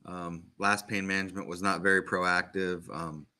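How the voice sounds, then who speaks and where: A deep-voiced man chats easygoingly on a podcast. He speaks in a flat, even tone, and his voice has a bright edge. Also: normal speed. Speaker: podcast co-host. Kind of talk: casual chat.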